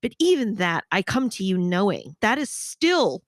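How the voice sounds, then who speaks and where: A woman's voice: mid-range voice, very animated, moderate pace, no room sound, clean studio sound. A woman hosting her podcast, talking frankly and energetically with her guest, with casual swearing. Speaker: podcast host. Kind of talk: conversational interview.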